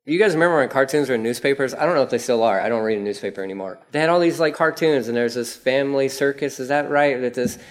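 A man's voice: fast, hardly any pauses. A man preaching a casual, conversational sermon, telling the story vividly and acting out prayers in a raised voice. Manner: animated storytelling, acts out prayers in a raised pitch. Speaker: pastor.

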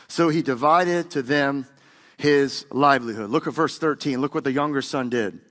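This pastor's voice sits at medium pitch and is a bit bright, moving at a moderate pace. He preaches emphatically in a church sanctuary, with the congregation repeating words back to him, and the recording has a large hall's long reverb.

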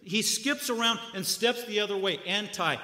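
A man preaching a sermon, telling the story dramatically with sudden loud bursts and hushed drops. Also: high-pitched, moderate pace, echoey room, long reverb tail.

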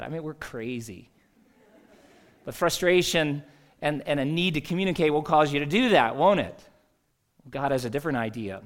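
A man's voice: a little high, expressive, moderate pace, pauses often. A man delivering a sermon as a pastor, conversational, asking rhetorical questions and reading scripture aloud.

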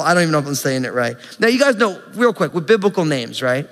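A man's voice: on the high side, big pitch swings, fairly bright tone. Earnest young male preacher in a reverberant hall. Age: young adult. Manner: earnest, conversational preaching with quick asides. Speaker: pastor. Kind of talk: sermon.

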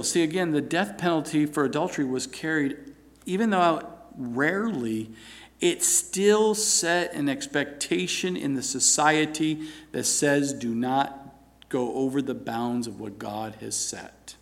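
A man's voice: mid-range voice, unhurried, gravelly. A man giving an earnest Bible teaching, asking rhetorical questions and reading scripture aloud.

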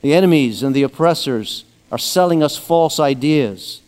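A pastor giving a conversational sermon with touches of humor. He slows down and drops his voice for scripture readings. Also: fairly high pitch, lively intonation, a little mellow, big-room sound.

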